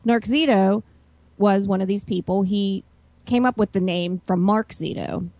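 A woman's voice: mid-range voice, measured pace, darkish tone, no room sound. A woman calling in over a video call line, chatting casually and explaining at length. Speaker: caller guest. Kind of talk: casual chat. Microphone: computer call mic.

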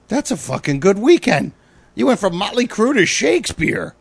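A man, a comedian hosting a podcast, telling stories in a profane, animated way. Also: high voice, slow pace, gravelly, breathy edge, no echo. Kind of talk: casual chat.

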